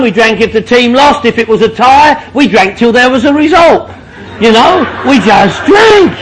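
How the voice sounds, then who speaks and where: A man's voice: very high voice, fairly bright tone, a little hiss or hum, poor audio. A man from northwest London with a London accent, speaking at a recovery meeting and firing off joking, repetitive rhetorical questions.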